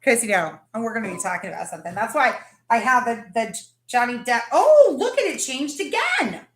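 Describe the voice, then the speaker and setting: A woman hosts a casual live chat, greeting viewers as they drop in. Her voice sits fairly high, and the room around her rings with echo. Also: very animated, fairly quick. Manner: chatty, greets viewers by name. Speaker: livestream host.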